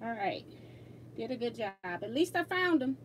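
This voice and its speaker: A woman's voice: on the high side, big pitch swings, normal speed, a little hiss or hum. A woman hosting a casual quilting livestream from her sewing room, laughing often and reading viewer comments aloud as she works.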